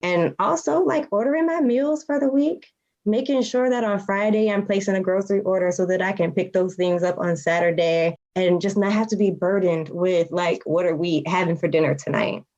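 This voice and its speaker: A woman's voice: lowish voice, darkish tone. Candid woman on a lo-fi call. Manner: candid and reflective, with quick laughs. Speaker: podcast guest. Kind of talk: casual conversation.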